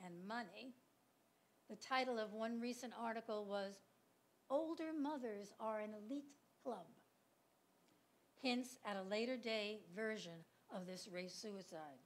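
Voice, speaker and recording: A woman historian delivering an academic lecture, a little hoarse as her voice gives out. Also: medium pitch. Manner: measured, reads from prepared text. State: losing her voice.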